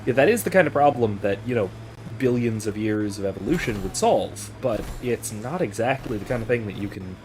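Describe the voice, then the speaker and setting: Man, lowish voice, musing gameplay commentary with fillers, game audio underneath. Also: expressive, brisk, darkish tone, a little hiss or hum. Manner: musing, thinking aloud with many fillers. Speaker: philosophy professor hosting a game playthrough. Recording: game sound over the voice. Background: video game audio.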